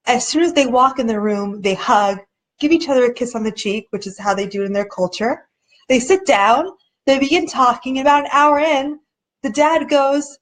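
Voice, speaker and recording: A woman's voice: lively intonation, normal speed. A woman hosting a casual live video chat, talking earnestly and conversationally, often acting out what other people said and sometimes restarting as she searches for words. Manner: earnest, conversational, acts out quoted people with shifting pitch.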